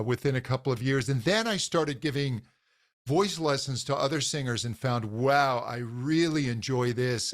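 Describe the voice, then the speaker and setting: A male vocal coach talking enthusiastically in an interview over a video call, often restarting sentences with "um" and "just". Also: medium pitch. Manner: enthusiastic, frequent fillers and restarts. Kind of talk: conversational interview.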